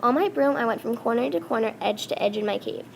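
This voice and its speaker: A woman reading a first-person story aloud, halting and often restarting words. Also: a little high, animated, gravelly, slight background noise. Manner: halting, with frequent restarts and self-corrections.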